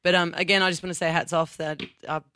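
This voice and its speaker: Bright-voiced Australian woman co-host. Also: fairly low pitch, level tone, quick pace, slight background noise. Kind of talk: casual banter.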